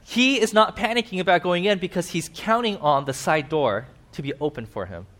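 A man giving a casual sermon with slides, animated, asking his listeners questions and acting out little voices. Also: sits high, fairly quick. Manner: animated, acts out voices, asks the audience questions. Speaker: preacher.

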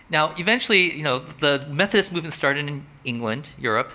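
Man, pastor, conversational sermon, storytelling, very bright voice. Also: on the high side, expressive, normal speed, long pauses. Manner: conversational, storytelling, rising when quoting.

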